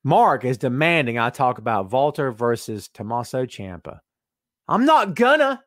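In a casual live-stream, this male podcast host jokes right at the chat and reads viewer comments aloud, sounding excitable throughout. His mid-range voice keeps a moderate pace, captured in clean studio sound with no echo.

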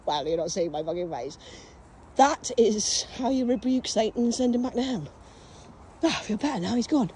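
A woman ranting profanely outdoors in a graveyard, shouting at unseen enemies on a phone camera. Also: a little high, animated, normal speed, slight background noise. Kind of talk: ranting spiritual vlog.

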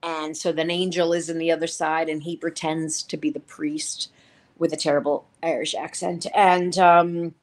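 A woman's voice: low-pitched, flat delivery, moderate pace. A woman co-hosting a show, casually recapping TV episodes in a rambling way, full of fillers and quoted lines. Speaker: podcast co-host reviewing a TV series.

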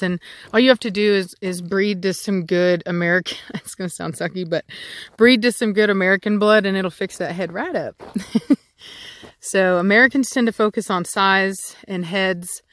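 Casual woman, mid pitch, dry close audio, rambling vlog chat about her dogs. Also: a bit bright, dry recording. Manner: rambling, chatty, many fillers and restarts. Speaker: dog breeder. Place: outdoors in a yard with dogs.

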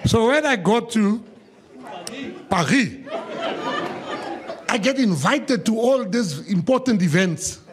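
A man's voice: high voice, expressive, normal speed, few pauses, crowd noise, background noise. A South African man, a government minister, giving a humorous public speech full of joking anecdotes and emphatic quoted asides.

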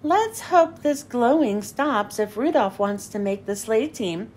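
A woman's voice: on the high side, animated, measured pace, darkish tone, voice pushed down. A woman voicing a stern, doubtful Santa Claus in a children's storybook reading.

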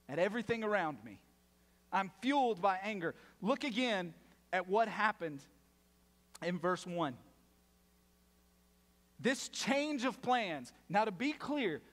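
A male pastor delivering a sermon in a church, animated and playful, dropping to a hush for emphasis. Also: high voice, long reverb tail. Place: church sanctuary.

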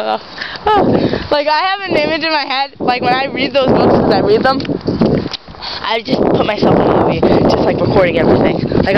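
A woman with a high, bouncing voice rambles and swears through casual chat with a friend. It is dull, lo-fi camera audio taken outdoors, with clear background noise around her. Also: animated, fairly quick. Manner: rambling, profane, laughing, uses slang. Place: outdoors near water and trees.

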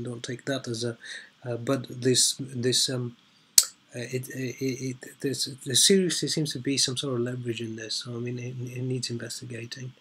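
Male vlogger, middle pitch, very monotone, hesitant filler-heavy off-the-cuff commentary. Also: a little hiss or hum. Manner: hesitant, heavy with ums and uhs; emphatic repetition for stress. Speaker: video blogger. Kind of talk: unscripted commentary while reading an article.

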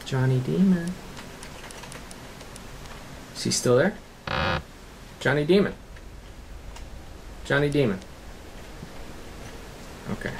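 A gaming host talks through a let's-play, cursing and yelling at the game in frustration. The voice sits at a middling pitch. Steady background noise runs under the recording. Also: slow, creaky, long pauses.

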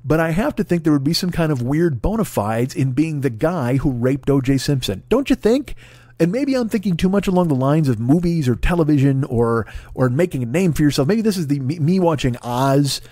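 A man in his forties riffs through a solo comedy podcast rant, swearing constantly and laughing at his own tangents. His voice sits a bit high for a man. The sound is close and dry, with no room around it. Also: lively intonation, fairly quick, dark tone, no room sound. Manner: profane, ranting, riffing with laughs and restarts. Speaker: podcast host.

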